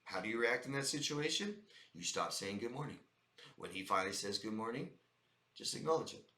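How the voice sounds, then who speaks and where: A man's voice: medium pitch, animated, fairly quick, sharp tone, echoey room, slight background noise. A man giving life-coaching advice to viewers, speaking emphatically and repeating his points. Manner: emphatic and repetitive, addresses viewers as "guys". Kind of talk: direct-to-camera advice monologue.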